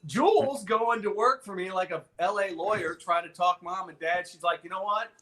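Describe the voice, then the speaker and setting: A man in his fifties hosting a podcast, telling a childhood story in an animated, profane way and slipping into voices. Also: high voice, normal speed. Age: 50s. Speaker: podcast host. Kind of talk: casual storytelling.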